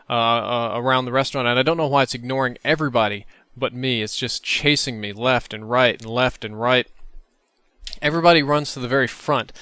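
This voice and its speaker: A man host telling a dream story over gameplay in an animated, profane way. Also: medium pitch, smooth, no room sound. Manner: animated, profane, vivid retelling. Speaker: gaming channel host.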